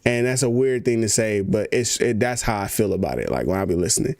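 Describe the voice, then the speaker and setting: A man's voice: fairly low pitch, expressive, fast talker, darkish tone, dry recording. A man chatting casually on a stream, rambling loosely and laughing easily. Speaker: music producer and streamer. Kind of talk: casual livestream chat.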